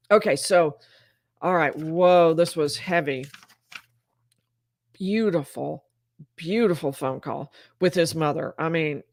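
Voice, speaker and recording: A woman's voice: on the low side, no room sound. A woman lawyer hosts live trial commentary from a dry, close-miked setup. She talks in a chatty, conversational way with frequent fillers. She reads court transcripts aloud and adds her own reactions. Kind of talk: live-stream legal commentary.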